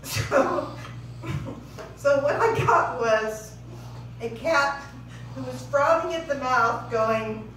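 Dry, slow-talking woman comedian. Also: sits high, a bit bright, recorded from a distance. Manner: dry, self-deprecating storytelling. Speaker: stand-up comedian. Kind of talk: stand-up routine. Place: comedy club stage. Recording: echoey club heard from afar, noisy.

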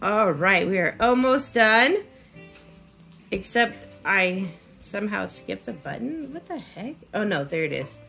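A woman talks casually as she dresses a doll, her voice rising and falling in a lively way. She coos at it in a high baby-talk voice. Faint music plays underneath. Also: creaky. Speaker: reborn doll artist and vlogger.

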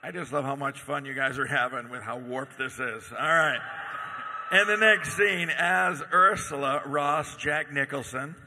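A man hosting a live convention panel, announcing the cast in an upbeat, brisk way. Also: medium pitch, pushed and bright, long reverb tail, slight background noise. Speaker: host. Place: convention stage, in front of crowd.

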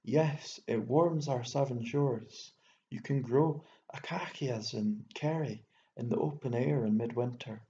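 A man voicing a fussy, excitable elderly bachelor landowner who rambles and exclaims, stammering when worked up, in an audiobook reading. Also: mid-range voice, a little slow, lightly acted. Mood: enthusing. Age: older. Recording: echoey room, dull lo-fi sound, faint hiss.

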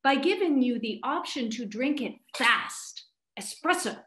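A woman's voice: high voice, animated, measured pace, a bit bright, reverberant. A woman faculty member giving a comedic debate speech over a video call, with playful, theatrical emphasis.

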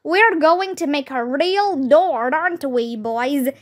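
Woman reading as a gentle frontier father. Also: sits high, takes it slowly. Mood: reassuring. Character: frontier father, warm and reassuring.

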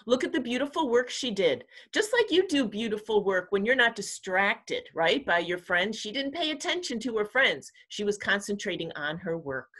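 A woman kindergarten teacher reading a picture book aloud to young children, acting out the animal sounds with an expressive voice. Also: medium pitch, moderate pace.

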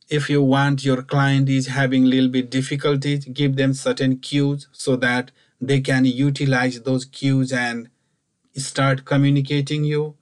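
A man giving a recorded lecture, explaining points slowly and repeating key instructions. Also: medium pitch. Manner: slow, repetitive, instructive phrasing.

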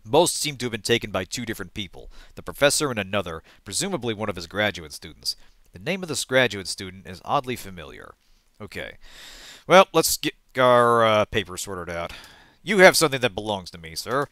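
A man hosting a let's play, reading game text aloud and thinking out loud, often trailing off and correcting himself. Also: on the low side, very animated, a little fast, no room sound.

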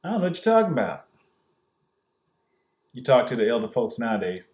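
A smug white Southern man brushes off every question in a high, loud, mocking voice, put on by a man. His Southern drawl is thick and dismissive, and he talks down to whoever is listening. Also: very animated, fairly quick.

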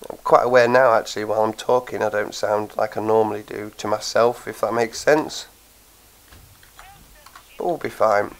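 A low-leaning, steady voice at a moderate pace comes from a gaming channel host who's tired and has a cold with a blocked nose. He thinks aloud casually during gameplay with plenty of ums, and the recording quality is low.

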